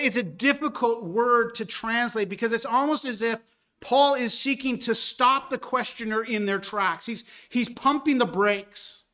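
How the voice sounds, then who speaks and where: A man preaching a sermon as pastor, earnest and building to a forceful rebuke, with frequent restarts. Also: very high voice.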